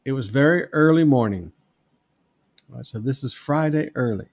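A man preaching a sermon, reading scripture aloud and commenting on it in an animated, wry way. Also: medium pitch, moderate pace. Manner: animated, wry, reads passages with emphatic quoted voices. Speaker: pastor.

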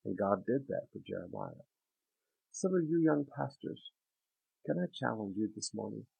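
A man's voice: fairly low pitch, wildly swooping pitch, normal speed, vocal fry, warm tone, slightly rough. A man preaching a sermon as a pastor, reading scripture aloud and then expounding it emphatically. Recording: tinny phone-like sound.

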